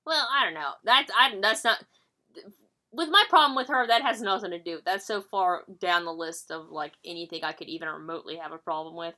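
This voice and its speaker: A woman with a bright, forceful voice chats loosely on a podcast, laughing often and cursing freely. Her talk is blunt and unscripted. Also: fairly low pitch, brisk. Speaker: podcast co-host. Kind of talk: casual chat recapping wrestling.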